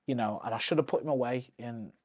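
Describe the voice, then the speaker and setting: A man tells stories from his boxing days as a podcast guest. His voice is mid-pitched, and the talk is casual and full of swearing. He keeps slipping into the voices of the people he quotes. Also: fast, dull audio. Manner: animated, profane storytelling that acts out quoted voices. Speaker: podcast guest, former professional boxer.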